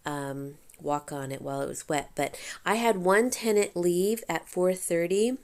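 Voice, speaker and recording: A woman narrating her home painting job in a casual vlog, rambling with fillers and small laughs, hurried for time. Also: on the low side. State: hurried, under time pressure. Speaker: DIY vlogger. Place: inside a house, on the stairs and landing.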